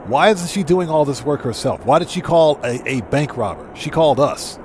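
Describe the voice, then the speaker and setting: A man's voice: on the high side, sing-song, normal speed, few pauses, darkish tone, slight background noise. A man live-streaming a game, chatting casually, greeting new subscribers and reading viewers' messages aloud. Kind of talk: live gameplay commentary.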